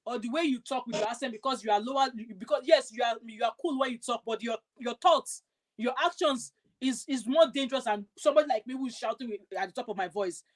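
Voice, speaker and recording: A woman from Nigeria with a Nigerian accent, ranting emphatically and repetitively on a live stream. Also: on the high side. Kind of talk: impassioned live stream talk. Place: United Kingdom.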